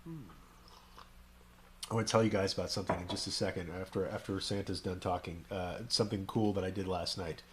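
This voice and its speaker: A man's voice: low voice, fairly even intonation, a little fast, a little hiss or hum. A man, a rabbi hosting a game stream, who chats with playful, joking asides while he plays. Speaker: rabbi and host. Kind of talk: let's play commentary.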